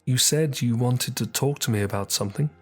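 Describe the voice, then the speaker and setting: A man voicing a gentle, anxious young village girl in a soft, hesitant tone pitched up from his own voice. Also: brisk, faint music behind, lightly acted.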